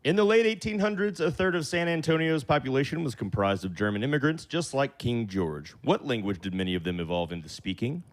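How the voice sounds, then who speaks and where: A male producer reads out quiz questions and answers in a plain, measured way. His voice is of middle pitch. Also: lively intonation. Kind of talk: reading trivia questions aloud.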